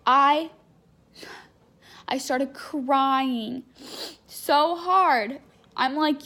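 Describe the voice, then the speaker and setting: A woman's voice: sits high, extremely slow, pauses often, sharp tone. A young adult woman telling a candid personal story in a chatty, unfiltered way, full of fillers. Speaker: vlogger.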